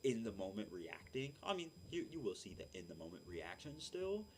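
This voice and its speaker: A young man, a streamer, chatting casually and rambling with lots of fillers in a deep voice. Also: big pitch swings, normal speed, a little mellow, slight background noise. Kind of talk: casual chat. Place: home room. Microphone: desk mic.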